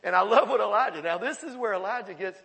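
A male pastor preaching a sermon in a folksy, animated storytelling way, in a church. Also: sits high, fast talker, gravelly, in a large hall.

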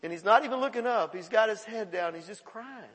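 A pastor preaching a sermon, his voice sitting high for a man. He tells stories in a loose, conversational way and laughs along with the room. The sound carries a long reverb from the church hall. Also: brisk. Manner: storytelling, conversational, animated with laughter. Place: church sanctuary.

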